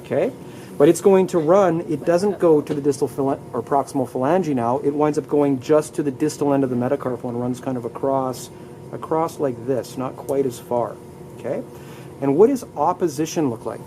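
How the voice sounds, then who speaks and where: A man's voice: mid-range voice, normal speed, mellow, slight background noise, low-quality recording. A man teaching anatomy in a live classroom lecture, upbeat, leading students through muscle names and asking them to repeat terms aloud. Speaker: anatomy instructor.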